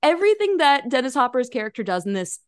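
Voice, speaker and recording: A woman's voice: sits high, fast, no room sound. Enthusiastic woman, dry close sound. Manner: animated, enthusiastic. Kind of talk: casual film discussion.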